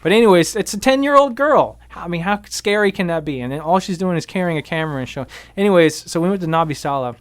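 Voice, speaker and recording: A man who is a veteran activist, casually retelling events in a radio interview, with many fillers and animated bursts. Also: sits high, quick pace, hardly any pauses, no echo. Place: radio studio.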